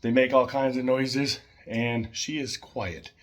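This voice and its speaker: A man's voice: mid-range voice, little pitch movement, slow pace. Chatty man rambling about his pet birds. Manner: rambling, chatty, with fillers and soft laughs. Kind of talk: casual home vlog.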